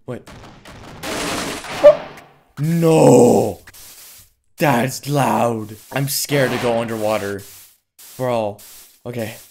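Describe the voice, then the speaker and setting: A woman giving excitable gameplay commentary as host of a gaming video, often yelping and shouting at in-game sounds. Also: a bass voice, slow, slight background noise. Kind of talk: excitable let's-play commentary.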